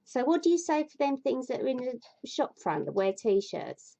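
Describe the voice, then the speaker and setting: Woman moaning her way through a fairy tale, sweary, mellow voice, muffled lo-fi sound. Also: sits high, sing-song, normal speed, creaky. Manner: exasperated, grumbling, sweary. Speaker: storyteller. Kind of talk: comic fairy tale reading with rambling asides.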